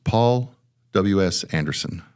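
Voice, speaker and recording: A man's voice: sits low, animated, slow, a little mellow, clear, resonant tone. A man co-hosting a casual horror podcast chat, acting out quoted lines as he talks and swearing freely. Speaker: podcast co-host.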